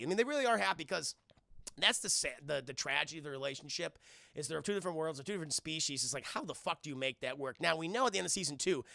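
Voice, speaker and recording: A man's voice: on the high side, vocal fry, pushed and bright, no room sound, studio quality. A man reviewing a cartoon on a live stream, rambling and swearing as he talks to his chat. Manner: rambling, profane, keeps addressing the chat. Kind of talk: casual livestream recap.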